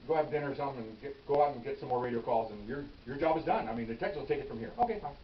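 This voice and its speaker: An older man, a retired police officer, tells a story from his patrol days in a quick, conversational way. He acts out each line of dialogue and keeps adding "okay?" asides. The sound is roomy and distant, dull and a little lo-fi, with a faint hiss. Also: mid-range voice. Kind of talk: casual anecdote storytelling.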